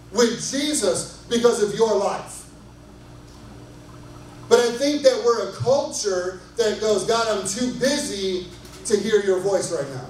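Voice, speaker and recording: Male pastor, high-pitched, casual and lively, keeps checking in with the congregation; distant, roomy sound with faint noise. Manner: conversational and enthusiastic, asks the crowd often. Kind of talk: sermon. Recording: echoey hall from far off, faint noise.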